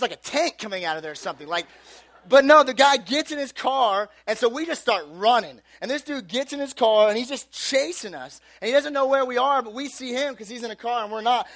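A man giving a youth sermon, telling a story in a loose, animated way with lots of casual filler. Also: sits high, no echo. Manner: animated, casual, full of "like" and "dude". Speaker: youth pastor. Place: room with a live youth audience.

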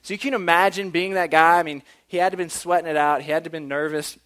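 A man with a fairly high, fairly bright voice preaches a sermon quickly and with fairly even intonation. His tone is casual and chatty, and he frequently restarts his words.

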